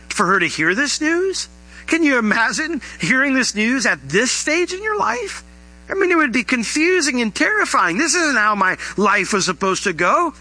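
A man preaching a sermon, animated, often acting out the voices he quotes. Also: extremely high pitch, low-quality recording. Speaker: pastor.

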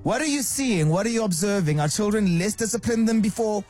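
High, husky-voiced male radio host. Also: brisk, soft background music. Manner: chatty, animated and opinionated. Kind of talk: casual radio chat.

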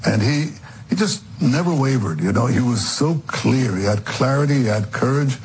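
A man, a political leader, answering interview questions earnestly, with halting restarts. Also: medium pitch, expressive, slight background noise, rough recording.

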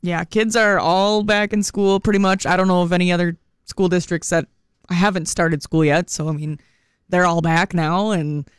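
A woman's voice: lowish voice, steady tone, moderate pace, clear, resonant tone, no echo, clean studio sound. A woman co-hosting a radio morning show, talking in an easygoing, chatty way and laughing often. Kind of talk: casual radio banter.

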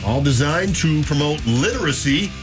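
Male co-host, playful banter, mid pitch, music bed clearly under him. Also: expressive, normal speed. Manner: playful, slips into goofy announcer and impression voices. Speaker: radio co-host. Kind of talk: joking radio banter.

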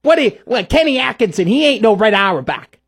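A man's voice: sits high, sing-song, a little fast, a bit bright, husky, voice pushed up, heavily acted. A man doing a hollering old sports-radio blowhard. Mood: brash. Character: loud excitable older male sports-radio host impression.

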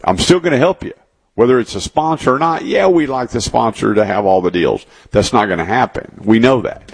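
A man with a mid-range, slightly rough voice hosts a call-in car show on the radio, speaking at a normal speed with lively intonation. He tells stories in a rambling, folksy way and tends to repeat words, keeping it all casual.

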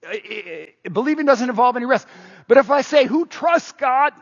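A man preaching a sermon in an energetic, emphatic way, moving between loud stresses and quiet asides. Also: very high voice, fast talker, gravelly, husky. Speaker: pastor. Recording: dull, echoing hall sound.

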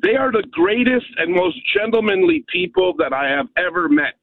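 A man's voice: very high voice, very animated, normal speed, gravelly, no room sound. A man from Canada calling in to a radio show, speaking bluntly and emphatically and often tossing in "okay?". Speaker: caller. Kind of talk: phone-in rant. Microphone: telephone. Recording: tinny phone line with dry sound.

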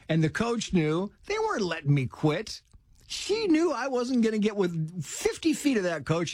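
A middle-aged man, a guest author, telling lively personal stories in casual conversation and acting out the people in them. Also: no room sound, studio quality. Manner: animated, acts out quoted voices with big pitch jumps.

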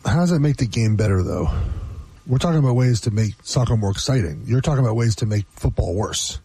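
A man's voice: lowish voice, animated, brisk, dark tone, slightly rough, dry recording. A man co-hosting a sports radio show, pushing back in an emphatic, argumentative way.

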